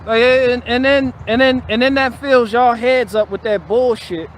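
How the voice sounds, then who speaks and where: A man with a notably high voice holds forth on a casual live stream. He talks bluntly and profanely, doubling back on his words as he builds his rant. A faint hiss of noise sits under the recording. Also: fairly even intonation, unhurried. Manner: repetitive, restarting phrases.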